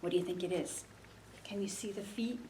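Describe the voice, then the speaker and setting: At a brisk pace and medium pitch, a woman librarian reads a storytime book aloud for children in a sing-song voice, pausing to ask the little listeners questions. The mic is distant and the background is noisy.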